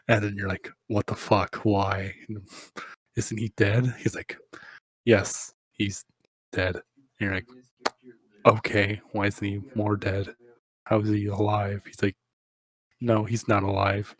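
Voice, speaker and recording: Slow, husky man telling a crude tale. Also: fairly low pitch, flat delivery, no room sound. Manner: rambling, crude, often breaks into laughter. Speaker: storyteller. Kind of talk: improvised comic storytelling.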